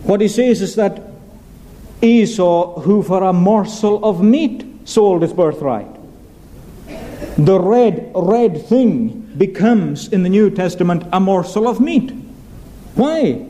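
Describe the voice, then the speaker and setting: A man's voice: high voice, lively intonation, slow pace, dark tone, low-quality recording. A male preacher giving a sermon, emphatic, asking rhetorical questions and repeating key phrases.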